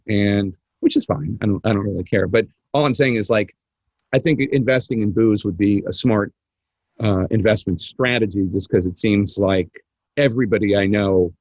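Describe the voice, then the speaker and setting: A man appearing as a podcast guest in casual chat, earnest and quick, filling pauses with "like" and restarts. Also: fairly low pitch, darkish tone, dry recording, highs cut off. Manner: quick, earnest, self-interrupting with fillers.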